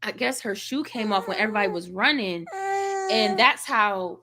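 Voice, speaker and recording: A woman vlogger telling a funny story in casual chat, animated and laughing, acting out quotes with big jumps in her voice. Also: medium pitch, moderate pace, noisy background.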